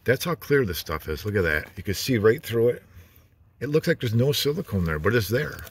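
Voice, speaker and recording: A man's voice: mid-range voice, big pitch swings, brisk, husky. A man casually vlogging a home-improvement project in his garage, rambling and chatty with mild cursing. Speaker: DIY vlogger.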